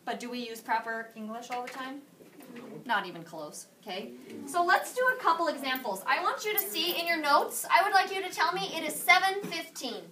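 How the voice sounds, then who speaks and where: A playful woman teacher leads her class with a high, bright voice that keeps the lesson lively. She is recorded from a distant camera across the classroom, with a faint hiss underneath. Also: brisk. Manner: playful, animated teacher quizzing students. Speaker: Spanish teacher.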